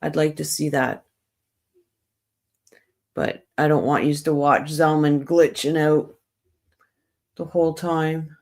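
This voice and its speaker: A woman's voice: low voice, fairly even intonation, slow, long pauses, a little mellow. A woman hosting a casual livestream, rambling in a friendly way and talking straight to her viewers. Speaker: livestream host.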